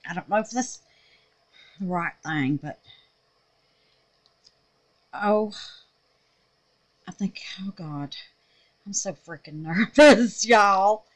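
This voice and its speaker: A woman chatting through a soap-making vlog, gushing and exclaiming and calling her viewers honey and babies. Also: mid-range voice. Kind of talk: casual craft vlog chat.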